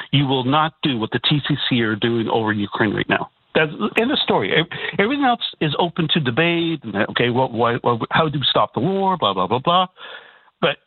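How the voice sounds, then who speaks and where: Man, radio caller, agitated, stammering, husky, thin phone-line sound. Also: mid-range voice, dry recording. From Canada. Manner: agitated, repetitive, stammering restarts. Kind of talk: call-in radio talk.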